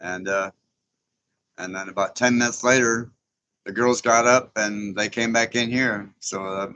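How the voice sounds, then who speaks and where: A man's voice: lowish voice, fairly even intonation, measured pace, sharp tone, poor audio. A man hosting a casual live stream, folksy and chatty, often chuckling as he greets viewers.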